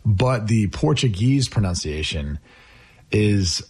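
A man co-hosting a sports radio show, chatty and teasing, with quick asides. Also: medium pitch, animated, a little mellow, breathy edge. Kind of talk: casual sports talk. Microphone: studio microphone.

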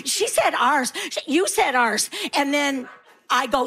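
A woman's voice: high-pitched, fairly quick. A middle-aged woman performing a stand-up routine, telling stories and acting out her kids and herself. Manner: animated storytelling, acts out her kids and herself. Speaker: stand-up comedian.

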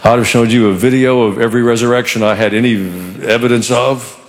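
A male pastor preaching a sermon in a church, animated and conversational with touches of humor. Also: medium pitch, fast, big-room sound.

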